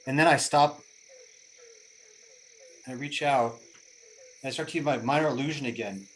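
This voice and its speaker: A man's voice: mid-range voice, normal speed, a little hiss or hum, low-quality recording. A man player speaking in character at a tabletop role-play game, earnest and heartfelt.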